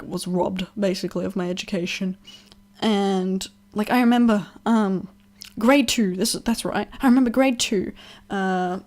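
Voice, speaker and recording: A woman's voice: medium pitch, darkish tone. A young woman telling a personal story in a casual vlog, rambling, swearing freely, laughing often and acting out what others said. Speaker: vlogger.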